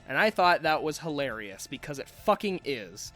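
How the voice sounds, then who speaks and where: A man's voice: a little high, expressive, normal speed, fairly bright tone, soft background music. A man in his twenties telling a rambling, sweary, self-mocking story about his school days. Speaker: vlogger. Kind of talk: casual storytime rant.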